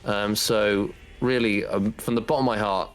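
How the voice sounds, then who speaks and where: A man's voice: fairly low pitch, fairly even intonation, normal speed, faint music behind. A man hosting a gaming tournament stream, talking in a rambling, heartfelt way with lots of fillers. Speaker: tournament organizer and host. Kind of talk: casual stream chat.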